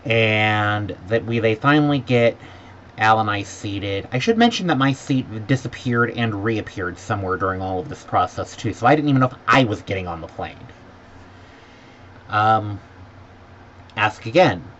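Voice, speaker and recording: A man with a lowish voice rants about a trip gone wrong in an exasperated, sarcastic vlog. He sometimes mimics other people in a higher pitch. The audio is dull and lo-fi, with a faint noise underneath. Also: animated, normal speed, fairly bright tone. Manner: sarcastic, mimics airline staff in high voices. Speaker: vlogger. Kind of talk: exasperated travel rant.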